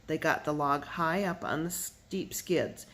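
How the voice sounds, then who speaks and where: An audiobook reader narrating a children's novel in a middle-pitched voice. The narration stays steady and even, and the voice lifts for the characters' lines. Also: unhurried. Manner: steady narration, lifting the voice for dialogue. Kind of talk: reading a children's novel aloud.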